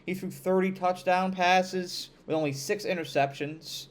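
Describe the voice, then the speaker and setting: A man with an upstate New York accent delivers college football takes straight to his audience. His voice sits a touch high, and he punches his points with emphatic, hype-building energy. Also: fairly even intonation, unhurried. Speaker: sports show host. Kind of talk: college football commentary to camera.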